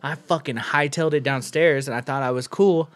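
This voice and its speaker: A young man on a casual podcast tells a story with loose, lively energy, swearing freely and leaning on slang. His voice sits in an everyday middle register for a man, neither deep nor high. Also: fairly quick, dry recording. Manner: animated storyteller, heavy cursing and slang. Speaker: podcast co-host. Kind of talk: casual chat.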